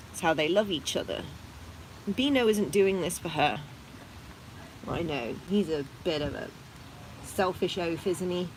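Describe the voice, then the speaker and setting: A woman hosting a casual vlog, talking softly and gently and cooing to her rabbits between explanations. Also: medium pitch, slight background noise, rough recording. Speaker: rabbit owner and channel host. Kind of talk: casual vlog narration while tending pets.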